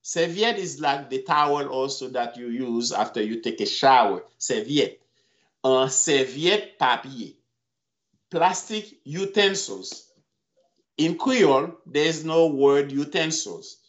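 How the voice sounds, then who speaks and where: Guy teaching vocab off slides, slow and patient, says every word over and over, kinda muffled lo-fi audio. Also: mid-range voice, animated. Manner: slow, repeats each word several times. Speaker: language teacher. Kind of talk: slide-based language lesson. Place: home video call.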